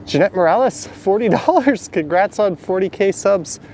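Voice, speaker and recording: A man's voice: sits high, expressive, moderate pace, darkish tone, slight background noise. A man, walking city alleys at night on a live stream, chatting and answering viewers' questions as he goes. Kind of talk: casual live-stream narration reading chat.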